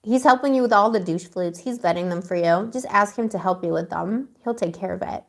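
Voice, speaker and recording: A woman's voice: medium pitch, brisk. A woman giving a live tarot reading to her viewers, chatty, emotional and slangy as she talks through the cards. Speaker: tarot reader.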